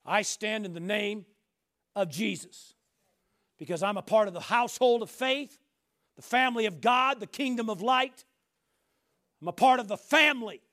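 Brief: male pastor with a very high voice, preaching hard and building to shouts. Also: moderate pace, long pauses. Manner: emphatic, rising to shouts, repeats rhetorical questions. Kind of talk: sermon.

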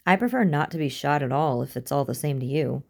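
A woman voicing a wry, defiant man held prisoner, speaking loud and sardonic. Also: deep voice, lively intonation, fairly quick, creaky, heavily acted.

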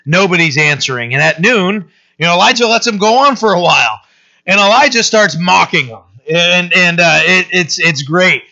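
A man with a fairly high, bright voice preaches in a loose, conversational way, often stumbling back over his words and tagging lines with "right?". The recording is dull and lo-fi. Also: lively intonation, moderate pace. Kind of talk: conversational sermon.

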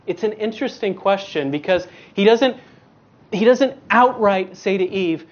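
Guest preacher, male, slow and emphatic, leans on rhetorical questions; muffled lo-fi recording. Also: high-pitched. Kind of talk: sermon.

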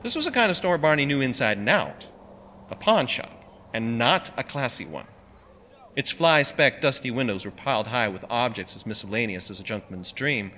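A man's voice: mid-range voice, very animated, normal speed, sharp tone, slight background noise. Man reading a wry story aloud. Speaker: narrator. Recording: long reverb with faint music.

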